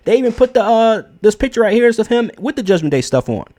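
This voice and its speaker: A man's voice: high voice, animated, fast talker, few pauses, darkish tone. A young man giving casual, blunt opinion commentary, emphatic and profane, with frequent fillers and restarts. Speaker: wrestling commentary host.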